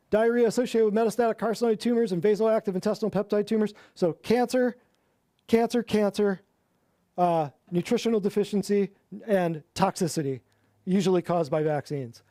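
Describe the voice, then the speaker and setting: A man with a high voice delivers a mocking monologue, leaning on repeated words for emphasis. The sound is dry and close, with no room around it. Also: normal speed, mellow, no room sound. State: winded. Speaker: podcast host. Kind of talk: sarcastic monologue.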